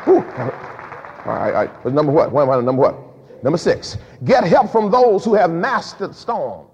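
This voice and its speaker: A man a sermon as pastor, lively and emphatic, with frequent repeated words and casual dialect. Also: a little high, moderate pace, some chatter behind, slight background noise. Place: church sanctuary. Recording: dull lo-fi recording with long hall reverb.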